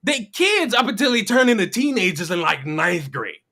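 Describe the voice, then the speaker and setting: Streamer on a profane rant, bright tone, pitch swinging widely, mocks with rhetorical questions. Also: lively intonation, moderate pace. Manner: mimics people in silly voices. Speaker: livestreamer. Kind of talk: heated livestream commentary rant.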